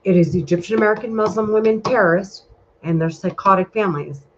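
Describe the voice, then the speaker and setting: A woman's voice: medium pitch, fast talker, slight background noise. A woman talking in a casual vlog monologue, rambling and heated, with a lot of swearing. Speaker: vlogger. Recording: muffled lo-fi recording.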